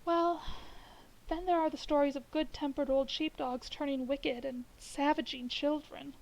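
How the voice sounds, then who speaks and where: A woman reading the lines of an earnest gentleman who calmly presses a strange theory. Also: high voice, vocal fry, low-quality recording. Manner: measured, insistent. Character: earnest middle-aged gentleman building a theory.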